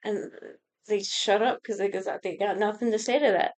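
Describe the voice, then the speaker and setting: A young woman co-hosting a podcast, casually retelling a TV plot in an animated, profane way. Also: mid-range voice, normal speed. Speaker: podcast co-host recapping a show. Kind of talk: casual chat.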